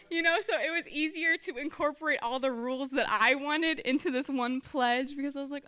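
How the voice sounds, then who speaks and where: Bright, chatty young woman telling a story. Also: high voice, brisk, dry recording. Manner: chatty storytelling, full of "like", acts out quotes. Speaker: former camp counselor sharing testimony. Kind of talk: personal testimony talk at church.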